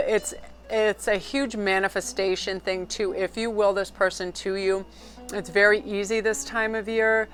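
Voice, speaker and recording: Chatty middle-aged lady doing a pick-a-card reading, gets carried away, soft music in the back. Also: mid-range voice. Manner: excitable, rambling, chatty. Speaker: tarot card reader.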